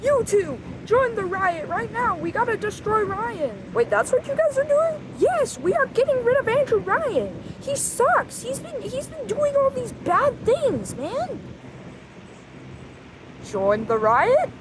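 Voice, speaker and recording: Very high-pitched woman playing with plushies, excitable, yells sound effects, slow and drawn out. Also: noisy background. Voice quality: excitable, switches between many character voices with shouted sound effects. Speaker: plush toy storyteller. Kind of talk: playful toy role-play narration.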